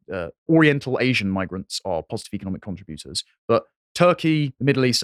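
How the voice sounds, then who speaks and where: A man's voice: medium pitch, no echo, studio quality. A man hosting a podcast, casually reading out a study and asking his guest to explain it. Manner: reads out a study and questions the guest. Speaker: podcast host. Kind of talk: casual political discussion.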